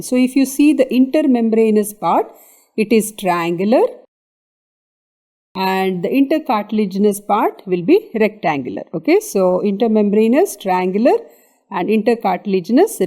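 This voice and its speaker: A woman's voice: medium pitch, very animated, moderate pace, warm tone. A woman with an Indian English accent giving an exam revision lecture on anatomy, explaining step by step and often checking in with "okay".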